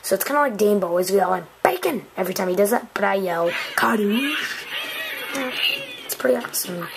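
A woman's voice: mid-range voice, rapid-fire, vocal fry. Goofy young woman gaming commentator, noisy recording. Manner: goofy, chatty, yells catchphrases. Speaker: gaming channel host. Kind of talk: casual let's-play commentary.

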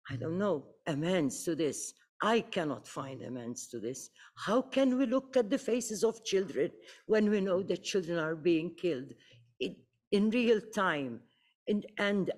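A woman's voice: lowish voice, expressive, a little slow, a little mellow. A woman from the Mediterranean speaking on a panel, earnest and rising to urgent appeals. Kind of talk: impassioned panel speech.

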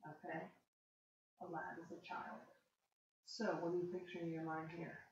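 A woman tutoring a reader one-on-one, patient and encouraging, explaining words slowly. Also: on the low side, level tone, a little mellow, slight background noise. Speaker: reading tutor. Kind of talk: one-on-one reading lesson. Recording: distant, echoey, dull-sounding room recording.

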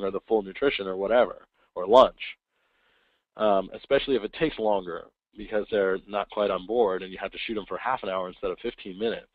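A man giving a casual webinar talk, acting out quick voices of kids and parents. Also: on the low side, no room sound. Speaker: webinar presenter. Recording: tinny phone-like line, dry.

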